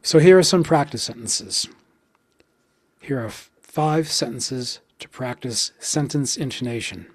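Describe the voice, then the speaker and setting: Man, pronunciation lesson, deliberate drill reading, mid pitch, dry close sound. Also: animated, no echo. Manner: deliberate, spells out stress beats slowly when counting. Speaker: pronunciation teacher. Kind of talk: instructional explanation with slow practice drills.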